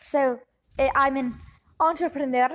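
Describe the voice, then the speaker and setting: A woman's voice: high-pitched, steady tone, measured pace, muffled recording. A woman improvising a bumbling scammer who poses as a doctor, rambling and switching accents. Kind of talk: improvised comedy interview.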